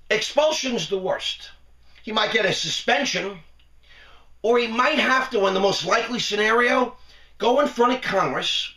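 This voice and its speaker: Guy ranting sarcastic commentary, high gravelly voice, sounds roomy and kinda far from the mic. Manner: animated, sarcastic, laughing. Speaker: host of a commentary video. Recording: echoey room, voice a bit far from mic.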